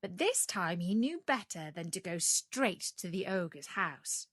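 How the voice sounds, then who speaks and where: Slow, expressive woman reading a fairy tale. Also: fairly low pitch, no room sound, studio quality. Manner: slow, expressive read-aloud. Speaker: storyteller. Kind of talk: storybook narration for English learners.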